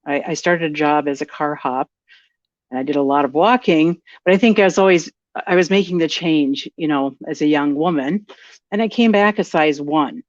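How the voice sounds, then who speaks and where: A woman's voice: deep voice, normal speed, no room sound, highs cut off. A woman from Minnesota with a Minnesotan accent, talking casually as a podcast guest, friendly and chatty with many fillers and restarts. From Minnesota, USA. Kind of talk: casual interview chat.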